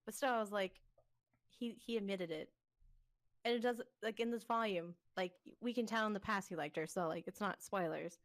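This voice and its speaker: A woman's voice: medium pitch, normal speed. A young woman in casual chat as a co-host, chatty and giggly, full of fillers.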